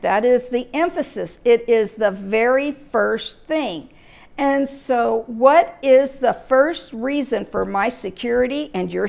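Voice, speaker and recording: A woman teaching a church Bible lesson, emphatic and steady, asking her listeners rhetorical questions. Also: on the high side, gravelly.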